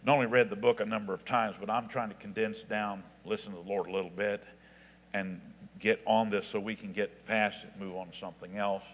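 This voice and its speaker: A man, an assistant pastor, teaching a Bible class in an informal, halting way. He restarts his sentences often and grows louder and higher when he stresses scripture. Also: steady tone, muffled recording. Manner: halting, with frequent restarts and fillers. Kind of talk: informal classroom lecture on preaching. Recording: long reverb of a large hall.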